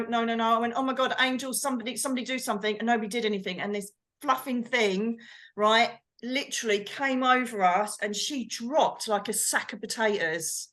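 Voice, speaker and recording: Woman co-host, lively storyteller, slightly high voice, acts out what people said. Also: a little fast. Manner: animated, acts out quotes, exclaims. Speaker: co-host, medium. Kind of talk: storytelling chat.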